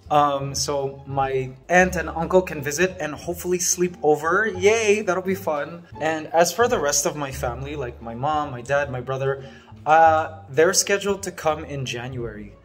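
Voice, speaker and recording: A man from Canada in his thirties, vlogging casually from his farmhouse and gushing to his viewers with excitement and emotion. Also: a little high, moderate pace. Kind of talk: casual vlog. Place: farmhouse under construction.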